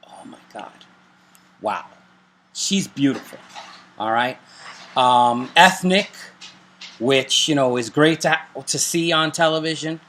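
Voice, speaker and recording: A man's voice: mid-range voice, slow, long pauses, fairly bright tone, slight background noise. A middle-aged man co-hosting a casual chat and recommending TV shows, joking and making self-deprecating asides. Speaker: show co-host.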